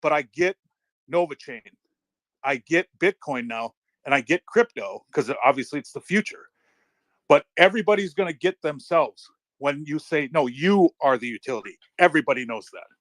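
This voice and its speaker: A middle-aged man chatting casually in a live audio room, telling excitable stories and swearing freely. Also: fairly high pitch, normal speed, no echo. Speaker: crypto community speaker.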